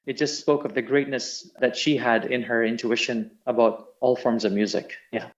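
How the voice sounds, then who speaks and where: A man's voice: medium pitch, moderate pace, dull audio. A middle-aged man, a tabla player and singer, telling stories as an interview guest and acting out the voices he quotes. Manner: animated storyteller who acts out quoted voices. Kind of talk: storytelling in an interview.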